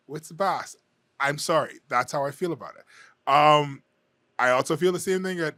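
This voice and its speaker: A male radio host giving frank, measured opinion commentary and hedging his views. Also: a little high, a bit bright, no room sound, clean studio sound. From Bahamas.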